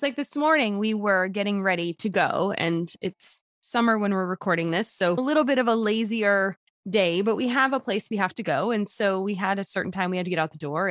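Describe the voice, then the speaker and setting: A woman's voice: medium pitch, moderate pace, few pauses, dry recording, clean studio sound. A woman hosting a podcast in a chatty way, laughing often and filling with "like". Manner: chatty, laughing, uses many fillers. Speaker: podcast host. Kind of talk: casual podcast chat.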